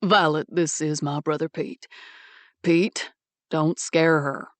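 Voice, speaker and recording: A woman voicing a gentle young man in love, speaking softly and low. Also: fairly even intonation, slow, dry recording. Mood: tender. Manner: soft, warm, low.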